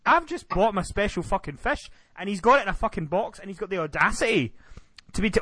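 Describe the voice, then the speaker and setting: Man, podcast host, profane comic storytelling, slightly high voice, very dry sound. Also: fast, no echo. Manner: animated, profane, comic exasperation. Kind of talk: storytelling rant.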